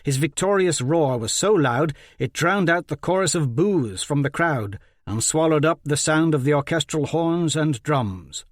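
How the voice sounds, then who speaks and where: A man narrating a fantasy audiobook in a measured, even way. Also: a little high, no room sound, clean studio sound.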